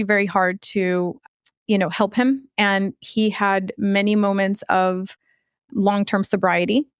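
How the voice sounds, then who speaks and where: A woman in her thirties, a podcast guest, telling a hard personal story in a halting way, often searching for words. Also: mid-range voice, clear, resonant tone, dry recording, studio quality. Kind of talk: emotional interview storytelling.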